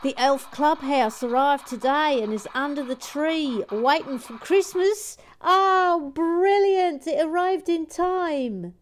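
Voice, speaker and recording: A woman voicing a little Christmas elf who gushes with squealing excitement. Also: high voice, takes it slowly, hardly any pauses, pitched above the performer's own voice. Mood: thrilled.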